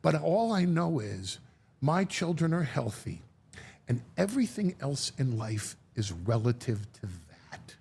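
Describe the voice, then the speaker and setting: A man talking as a guest, telling a story in a lively way, acting out quotes and often restarting his sentences. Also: medium pitch, vocal fry, breathy edge. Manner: animated storyteller, acts out quotes, halting restarts. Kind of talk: storytelling chat.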